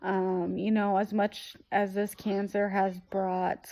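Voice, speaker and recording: Slow-talking woman telling a story. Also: medium pitch, level tone, dark tone. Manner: emotional, rambling retelling with many fillers. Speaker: vlogger. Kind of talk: casual storytelling.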